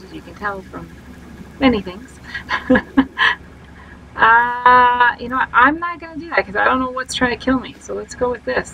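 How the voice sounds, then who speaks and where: A woman's voice: fairly high pitch, vocal fry, pushed and bright, slight background noise, rough recording. A woman streaming a game live and chatting to her viewers, self-mocking and full of exclamations. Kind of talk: live gameplay commentary.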